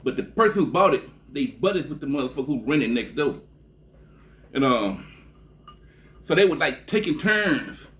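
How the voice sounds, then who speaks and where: A man from Texas telling a long, rambling story in a casual, profane way, often trailing off with a low "man" at the end of a phrase. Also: big pitch swings, moderate pace, pauses often, a bit bright. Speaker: vlogger.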